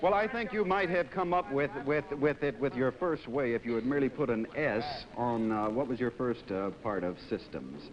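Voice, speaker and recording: A man hosting a 1960s television game show with jovial, quick patter to the contestants. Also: mid-range voice, animated, crowd noise. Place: TV studio. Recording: lo-fi 1960s TV broadcast with loud studio audience.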